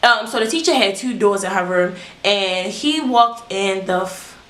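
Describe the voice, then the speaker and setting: A young woman telling a story from her own life in a casual vlog, in a candid, animated and profane way. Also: mid-range voice, unhurried. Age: young adult. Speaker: vlogger. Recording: roomy echo.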